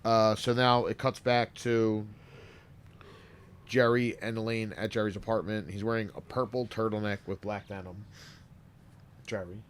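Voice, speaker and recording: A man's voice: on the low side, flat delivery, measured pace, pauses often, a little hiss or hum. A man casually recapping a sitcom episode, rambling and swearing as he jumps between story and jokes.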